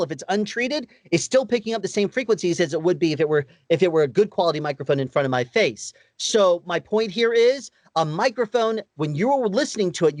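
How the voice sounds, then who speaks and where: A male audio engineer, appearing as a guest, gives interview advice in a practical, explanatory way, sprinkling in rhetorical questions. His voice is higher-pitched. The recording is close and dry.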